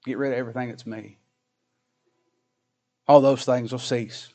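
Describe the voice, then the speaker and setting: A middle-aged man preaching a sermon, folksy, swinging from loud emphatic scripture reading to quiet asides. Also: medium pitch, fairly even intonation, normal speed. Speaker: pastor.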